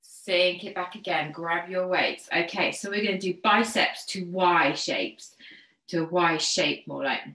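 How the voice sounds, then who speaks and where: Her voice sits on the low side and has a sharp tone, and she talks a little slowly. This fitness instructor leads an online pilates class in an echoey room, slightly out of breath, encouraging participants while counting reps and giving step-by-step cues.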